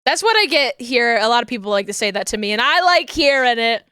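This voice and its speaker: A woman streamer chats casually with her viewers in a high, smooth voice. She rambles, giggles a lot and stops to hunt for the right word. The sound is close and dry, with no room in it. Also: big pitch swings, fast talker, pushed and bright, dry recording. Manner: rambling, giggly, searches for words.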